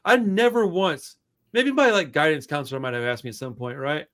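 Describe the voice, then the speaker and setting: A man hosting a podcast, telling a long story in a loose, profane, animated way. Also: on the high side, normal speed. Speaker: podcast host. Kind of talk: casual storytelling chat.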